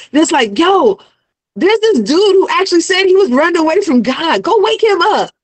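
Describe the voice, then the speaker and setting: A woman's voice: extremely high pitch, very animated, normal speed, no echo, rough recording. A young adult woman in casual chat, retelling a story with acted-out character voices and frequent laughter. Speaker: guest.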